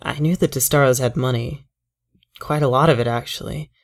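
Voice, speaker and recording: A man narrating a horror story aloud, measured and tense as he tells it in first person. His voice sits at a middle pitch, steady and unhurried.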